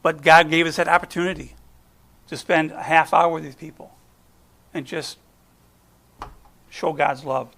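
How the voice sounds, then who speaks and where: A man's voice: on the high side, steady tone, measured pace, gravelly, pauses often, fairly bright tone. A middle-aged American man giving a conversational guest sermon, chatty and folksy, often trailing off and restarting. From United States. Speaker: guest speaker. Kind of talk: conversational sermon with personal stories.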